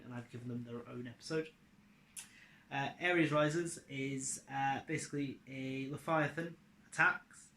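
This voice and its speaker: Bright-voiced man rambling in an echoey room. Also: medium pitch, a little hiss or hum. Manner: loose, offhand, with fillers and casual swearing. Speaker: video creator summarizing his series adaptation. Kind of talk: casual rambling explanation.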